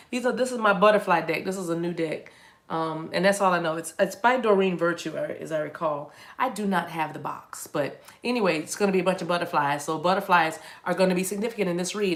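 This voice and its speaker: A woman's voice: medium pitch, normal speed, a bit bright. A woman giving a casual, rambling tarot reading to camera, chatty and playful, often restarting her sentences. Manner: chatty and playful, jumps into silly voices and laughs. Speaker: tarot reader.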